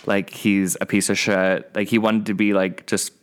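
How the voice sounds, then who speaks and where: A young man co-hosts a casual podcast chat in a lowish voice. He tells stories in an animated way, swears freely and laughs often. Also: moderate pace. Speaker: podcast co-host.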